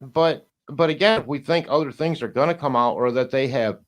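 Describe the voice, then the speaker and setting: Speaking at a medium pitch, a man appears as a podcast guest and chats in a loose, rambling way. He stops and restarts a lot, occasionally swearing and laughing.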